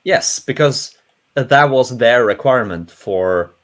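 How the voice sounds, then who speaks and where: Young man, Norwegian accent, non-native English, casual panel talk, lively and self-interrupting. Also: medium pitch, slow. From Norway. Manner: rambling, animated, many restarts.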